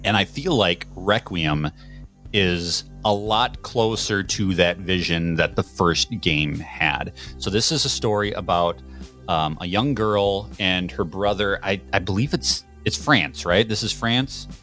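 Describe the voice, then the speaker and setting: A man's voice: low voice, a little slow, a bit bright, faint music behind. A man hosting a casual podcast, wry and rambling, with frequent fillers. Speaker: podcast host.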